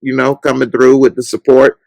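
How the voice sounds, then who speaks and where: A man hosting a casual podcast livestream, chatting loosely and breaking into loud, mocking outbursts. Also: medium pitch, completely flat delivery, normal speed, gravelly, no room sound. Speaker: podcast host.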